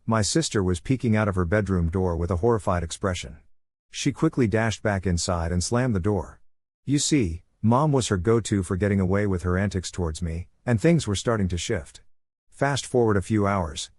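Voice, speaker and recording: A man giving a steady, scripted narration of a story. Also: lowish voice, no echo.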